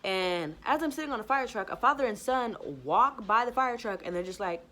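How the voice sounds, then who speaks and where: A slightly high, expressive woman's voice, a bit bright, moves fairly quickly. She's a podcaster casually telling a personal story to camera, rambling with lots of "like" fillers and acting out the things she said back then.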